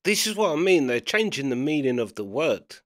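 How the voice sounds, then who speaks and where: A man's voice: mid-range voice, sing-song, fairly quick, no echo, studio quality. A man giving casual commentary while reacting to clips, chatty and always checking you follow him. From England. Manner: chatty, keeps asking "do you know what I mean".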